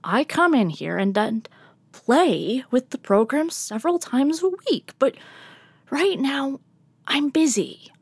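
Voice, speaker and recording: A woman's voice: high voice, expressive, slow pace, husky, no room sound, voice pushed up, heavily acted. A woman voicing a flustered male cat ensign in a storybook, stammering and fussy. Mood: firm.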